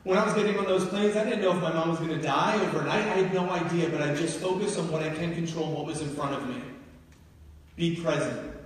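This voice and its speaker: A man's voice: on the high side, fast talker. A man from New Jersey giving a motivational keynote speech, telling personal stories emphatically to a live audience in a large university hall. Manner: emphatic storytelling, building to urgent peaks. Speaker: keynote speaker. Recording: echoey hall, heard from far off.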